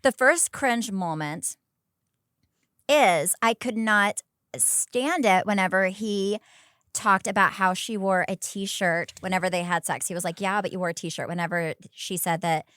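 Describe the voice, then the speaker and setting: A woman co-hosting a podcast in easy, casual chat. She talks in a chatty, animated way, full of "like" fillers. The sound is dry and close, with her pitch in the middle of the range. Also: unhurried, no echo. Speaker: podcast co-host.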